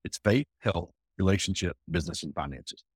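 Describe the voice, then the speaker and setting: A man talking as an entrepreneur guest in a casual interview, emphatic and energetic, often repeating himself. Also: deep voice, brisk, slightly rough, no echo, studio quality.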